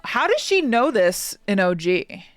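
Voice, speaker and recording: A female streamer reacts to a game on a live stream, chatting casually and gushing with excitement, her speech full of "like" fillers. Her voice is mid-range and measured in pace, with no room sound.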